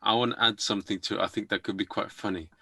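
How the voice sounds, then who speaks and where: A man's voice: lowish voice, fairly even intonation, quick pace, gravelly, bright, forceful tone, breathy edge, no room sound, studio quality. A man hosting a podcast, asking rambling questions in a playful, casual way. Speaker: podcast host. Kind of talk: casual interview chat.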